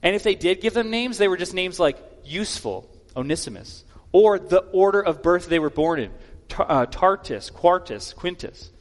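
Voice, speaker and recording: A man's voice: high-pitched, expressive, normal speed. A male pastor giving a sermon in a plainspoken, conversational way with casual asides. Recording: long hall reverb.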